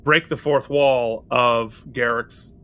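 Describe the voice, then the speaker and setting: His voice is clear and resonant, medium in pitch, and slow-paced. As a podcast co-host, he animatedly walks through a television episode in casual chat, quoting its lines.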